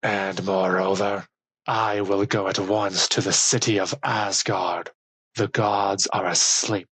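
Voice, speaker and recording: A man voicing a huge, boastful male frost giant who bellows slowly and menacingly. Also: deep voice, little pitch movement, a bit bright, husky, dry recording, heavily acted.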